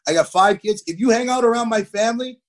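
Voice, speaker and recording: A man in his thirties, a hockey player telling stories as a podcast guest, animated and acting out what people said. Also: high voice, quick pace. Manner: animated, acts out quotes. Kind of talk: podcast interview, storytelling.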